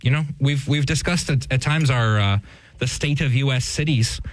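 A man's voice: medium pitch, normal speed, no echo, rough recording. Chuckling male co-host, casual news commentary, dry close recording, lots of fillers. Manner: chuckling often, many fillers and restarts. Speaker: podcast co-host.

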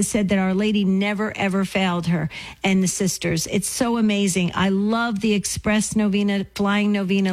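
A woman's voice: mid-range voice, rough recording. Effusive woman hosting a call-in show. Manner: enthusiastic, effusive, quick asides. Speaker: radio show host. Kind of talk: call-in radio talk.

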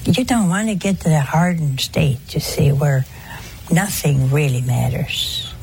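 An older woman giving a conversational religious talk, folksy and gently humorous, full of rhetorical questions. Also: deep voice, animated, moderate pace, slight background noise. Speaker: religious speaker. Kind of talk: talk to an audience on confession.

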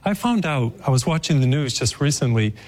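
A man giving a sermon, earnest and storytelling, slowing down to stress scripture verses. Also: medium pitch, lively intonation, a little mellow. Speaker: preacher.

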